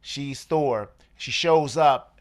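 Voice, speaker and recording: A man's voice: mid-range voice, slow. A man hosting a casual podcast, swearing freely and laughing as he reviews a film. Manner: animated, profane, laughing storyteller. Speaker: podcast host. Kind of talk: casual movie review chat.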